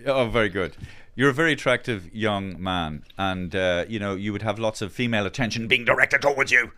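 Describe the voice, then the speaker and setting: A man's voice: fairly low pitch, brisk, sharp tone. A man with an Irish accent hosting a podcast in casual, teasing chat, swearing and laughing often. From Ireland. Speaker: podcast host.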